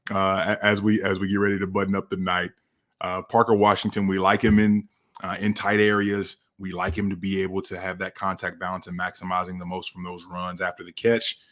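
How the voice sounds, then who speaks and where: A man with a very deep voice moderates a casual podcast. He ribs his co-hosts playfully and passes them the next question. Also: completely flat delivery, fairly quick, a bit bright. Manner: playful, teasing, hands off questions.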